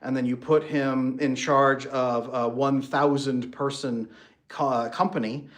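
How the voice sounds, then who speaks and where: Guy coaching couples, talks lively, mid voice, does little silly voices for examples. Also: medium pitch, slow. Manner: lively, swings into playful mock voices for examples. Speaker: relationship coach. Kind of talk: animated solo talk with acted-out examples.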